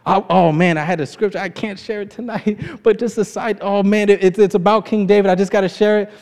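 High-voiced preacher in an echoing hall. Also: male voice, fairly even intonation, brisk, a little mellow. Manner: conversational, laughs often, retells scripture in his own words. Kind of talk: informal sermon. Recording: long reverb of a large hall.

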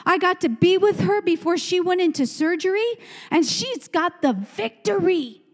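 A woman's voice: extremely high pitch, animated, normal speed. A woman preacher delivering a fervent sermon with emphatic, repeated phrases and calls to the congregation. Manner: fervent, call-and-response, repetitive emphatic phrases. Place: church sanctuary. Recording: long church hall reverb.

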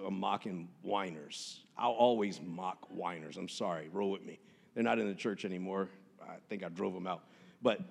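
A man's voice: fairly low pitch, creaky, long reverb tail. A man preaching a sermon as pastor, punchy and joking, with street slang. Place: church sanctuary.

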